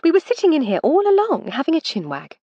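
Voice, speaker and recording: A woman voicing a breezy, wry aristocratic Edwardian lady in an audiobook, quick to laugh. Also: sits high, wildly swooping pitch, dry recording, muffled recording, voice pushed up.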